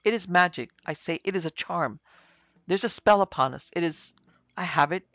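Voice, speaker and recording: A man's voice: sits high, normal speed, a bit bright, no echo. A man voicing a terrified, guilt-stricken German chemistry lecturer who speaks huskily and raves. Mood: frantic. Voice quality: husky. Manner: frantic, raving.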